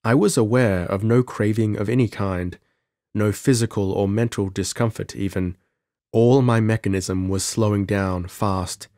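A male audiobook narrator with a fairly low voice tells the story in a measured, dramatic first-person style. He sits close to the mic in a dry, dead room. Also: fairly even intonation, darkish tone, dry recording. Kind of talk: scripted narration.

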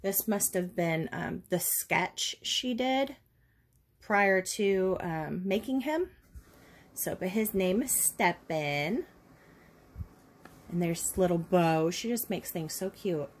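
A woman's voice: lowish voice, animated, slow pace, a little hiss or hum. A woman, a doll collector chatting casually and rambling a little as she opens a parcel on camera. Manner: chatty, rambling, folksy with "y'all". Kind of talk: casual unboxing chat.

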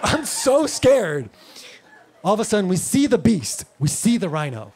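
A man doing stand-up comedy in a live club, animated and slangy, on a stage mic. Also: sits high, measured pace, husky. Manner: animated, slangy, lots of "like" and "bro".

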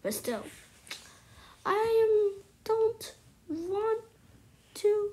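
Excitable high-voiced woman gaming. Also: takes it slowly, pauses often. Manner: excitable, exclaiming and drops into hushed whispers. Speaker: gameplay streamer. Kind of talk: casual gameplay commentary.

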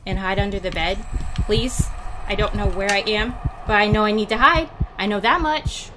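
A woman's voice: mid-range voice, normal speed, background noise. Jumpy woman narrating a horror game. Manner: jittery, swings from hushed muttering to frantic yelps. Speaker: video game player. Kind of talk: horror game let's-play commentary.

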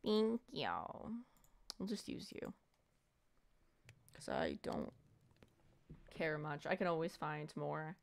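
A woman's voice: low-pitched, big pitch swings, slow pace, creaky, long pauses. A woman giving casual, rambling gameplay commentary, muttering self-deprecating asides to herself as she plays. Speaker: let's play gamer.

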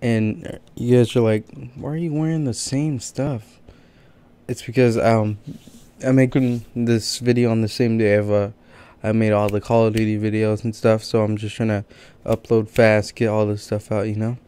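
A man's voice: on the low side, flat delivery, normal speed, dark tone, smooth. A man hosting a casual reaction video, chatting loosely with his viewers. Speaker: gaming video host.

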